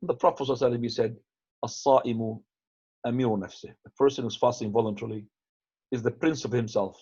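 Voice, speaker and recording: A man's voice: medium pitch, fairly even intonation, fast talker, dark tone, husky. A man teaching in a casual, conversational way, mixing in Arabic phrases and restarting his sentences. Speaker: teacher answering questions. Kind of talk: lecture with questions. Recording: dull, lo-fi upload.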